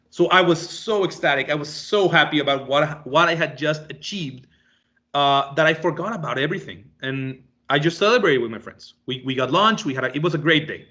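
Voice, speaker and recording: A young man tells a personal story to an audience with a bright, forceful tone. His voice sits a little high and jumps around as he acts out the dialogue he quotes. He is lively and expressive throughout. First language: Spanish. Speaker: speaker.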